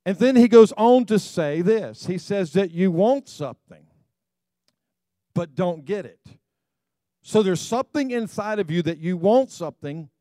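A man's voice: high voice, lively intonation, unhurried, warm tone, dry recording, studio quality. A middle-aged man preaching a sermon to his congregation, telling stories with self-deprecating humor and speaking to them directly. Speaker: pastor.

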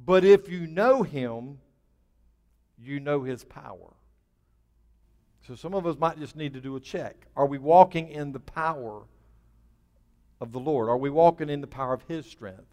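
A male pastor preaching a sermon, building to emphatic bursts and then dropping low and quiet. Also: measured pace, long pauses, long reverb tail. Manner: emphatic, with rising bursts and dropping to a near hush.

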